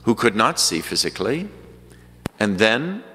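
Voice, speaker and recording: A man's voice: lowish voice, sing-song, unhurried, sharp tone, slight background noise. A man preaching a storytelling homily, acting out the voices of the crowds and of Jesus. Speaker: pastor. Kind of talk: sermon. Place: large church. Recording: church hall reverb.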